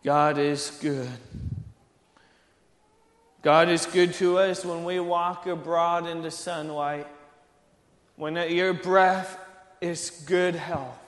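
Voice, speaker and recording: A man preaching a sermon, slow and earnest, building to emphatic high peaks. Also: fairly even intonation, reverberant, in a large hall.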